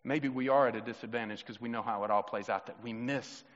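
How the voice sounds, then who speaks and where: A pastor preaches fast in a mid-range voice with fairly even intonation, moving between loud, pointed questions and quiet reflection. He performs the voices of Jesus, children and himself, recorded in a church sanctuary with muffled sound and long hall reverb.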